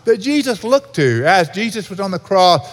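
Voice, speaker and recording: High-voiced man preaching in a reverberant hall. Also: sing-song, moderate pace. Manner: earnest preaching with repetition. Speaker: pastor. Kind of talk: sermon. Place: church sanctuary.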